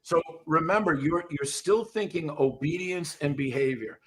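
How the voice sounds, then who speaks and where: Blunt, husky man coaching. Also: a little high, normal speed, a bit bright. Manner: blunt, swears freely. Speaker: dog trainer. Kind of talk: casual coaching chat.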